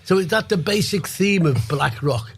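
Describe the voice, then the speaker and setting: A man's voice: sits high, animated, normal speed, creaky, husky, no echo. A man hosting a radio interview, often stumbling over his words and restarting. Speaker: radio host.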